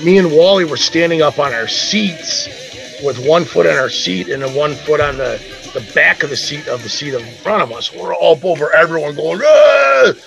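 A man's voice: a little high, moderate pace, vocal fry, highs cut off, faint music behind. A man telling a rowdy story as a podcast co-host, swearing freely and acting out the voices of the people in it. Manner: profane, animated, acts out quoted voices. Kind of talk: casual storytelling.

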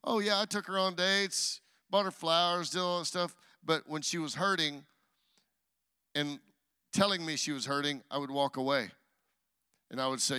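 Bright, crisp-voiced male preacher telling stories. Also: fairly high pitch, steady tone, normal speed. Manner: storytelling, acts out dialogue, frequent restarts. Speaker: guest pastor. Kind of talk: sermon.

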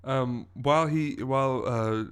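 A man runs a tabletop game as game master, narrating in a casual, loose way with small restarts. His voice sits at an ordinary middle pitch. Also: measured pace, a bit bright, clear, resonant tone.

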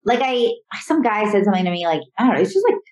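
A young woman comedian speaks very fast in a sing-song, mid-range voice that's a little mellow. As a guest on a casual video call, she tells rambling tales stuffed with fillers.

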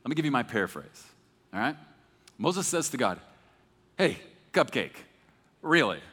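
A man preaching a sermon in a conversational, animated way, acting out the scripture he reads. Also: medium pitch, fairly quick, slightly rough. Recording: echoey hall.

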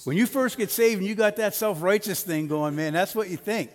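A man's voice: sits high, a little fast. A middle-aged man preaching a sermon as pastor in a church sanctuary, conversational, with personal stories and light jokes. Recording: long hall reverb of a church.

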